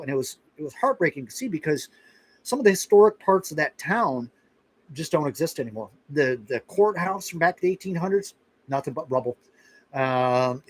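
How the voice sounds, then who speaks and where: A middle-aged man hosts a casual live chat, his voice pitched slightly higher than most men's. He rambles along conversationally, doubling back with restarts and little asides. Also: poor audio. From Florida. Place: rural outpost in western Kentucky.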